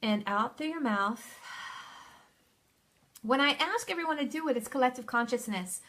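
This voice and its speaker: A woman's voice: high voice, lively intonation, moderate pace, sharp tone. A woman hosting a live question-and-answer stream as a spiritual coach, speaking soothingly, calling viewers by name and reading their comments aloud, from home. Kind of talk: live-stream advice session.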